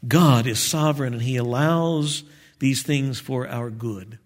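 A man preaching a sermon as pastor, measured and earnest with light touches of humor. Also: mid-range voice.

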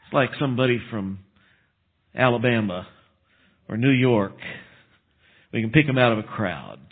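A man preaching a sermon, retelling a story with lively asides and chuckles. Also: mid-range voice, normal speed, breathy edge. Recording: tinny phone-like sound.

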